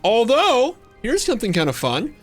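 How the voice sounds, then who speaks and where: A male game streamer talking casually to his viewers. His delivery is playful and rambling, full of teasing banter, and his pitch leaps around expressively. Soft music plays quietly in the background. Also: wildly swooping pitch, moderate pace. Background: faint background music.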